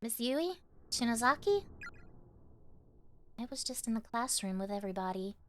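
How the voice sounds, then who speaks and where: A woman's voice: fairly high pitch, animated, normal speed, fairly bright tone, slight background noise. Woman reading as Mayu, a frightened schoolgirl. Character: frightened teenage schoolgirl, anxious and tearful. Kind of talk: reading game dialogue aloud.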